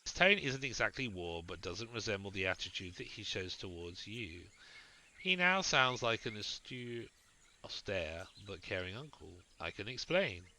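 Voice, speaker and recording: A man's voice: on the low side, sing-song, moderate pace, pushed and bright, a little hiss or hum, rough recording. A man hosting a game playthrough, reading the game's text aloud and adding wry asides. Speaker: let's play host.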